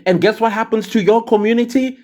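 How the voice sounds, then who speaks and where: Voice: mid-range voice, fairly quick, mellow. A South African commentator in a casual rant, full of sarcastic rhetorical questions.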